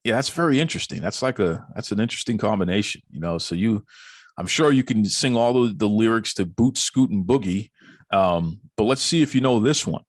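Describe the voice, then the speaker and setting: A man's voice: lowish voice, lively intonation, fairly quick, no echo. Joking podcast host guy, voice bounces all over, dead dry sound. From Boston area. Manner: jokey, teasing, laughs often. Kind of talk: casual podcast chat.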